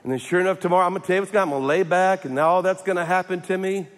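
A man's voice: high-pitched, fairly even intonation, racing. Man, pastor, sermon, humorous, restarts, church reverb. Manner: humorous, repeats and restarts, calls for amens. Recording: echoey hall.

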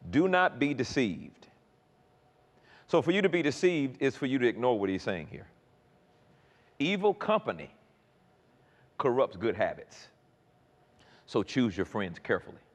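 Animated preacher man in a reverberant hall. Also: medium pitch. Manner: animated, repeats words, acts out quoted dialogue. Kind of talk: sermon. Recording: long reverb in a large hall.

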